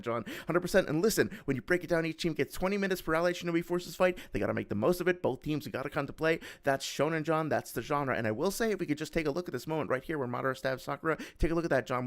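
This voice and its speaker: A pumped-up male sports announcer, as a streamer puts him on piles cliché on cliché in a raised, hyped pitch. His booming patter keeps repeating itself. It is delivered louder and higher than an everyday voice.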